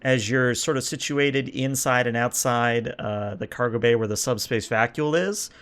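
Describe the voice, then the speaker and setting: Man, game master, relaxed narration, mid pitch. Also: normal speed, smooth.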